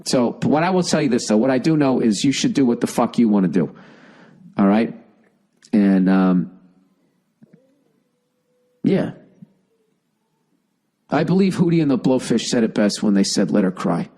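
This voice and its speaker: A man's voice: medium pitch, lively intonation, normal speed, long pauses, warm tone, low-quality recording. A man hosting a podcast, reading a listener email and giving blunt, profane advice in a rambling comedic rant with a Boston accent, while fighting a cough.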